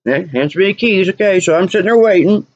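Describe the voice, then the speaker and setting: A woman's voice: mid-range voice, lively intonation, brisk, a little mellow, dry recording, lo-fi sound. Exasperated woman telling a story. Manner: exasperated, repeats lines for emphasis. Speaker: vlogger. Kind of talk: animated personal storytelling.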